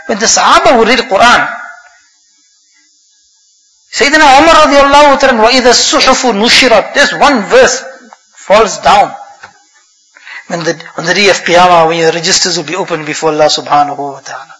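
A man preaching a sermon with passion, his voice rising and falling, reciting Arabic phrases quickly between English explanations. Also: sits high, sharp tone. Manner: impassioned, rises and falls, recites Arabic quickly. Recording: long hall reverb.

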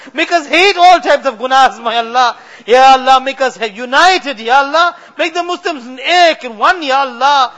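A man's voice: very high voice, pushed and bright. A man with leading a fervent, tearful supplication, pleading with a voice that breaks into sobs. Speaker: prayer leader.

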